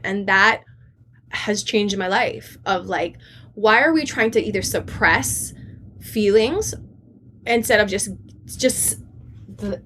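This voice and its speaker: A woman's voice: mid-range voice, slow, long pauses, sharp tone, a little hiss or hum. A woman guest in a casual podcast chat, candid and earnest, telling personal stories and acting out what others said. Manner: candid, earnest, tells personal stories, acts out quoted dialogue.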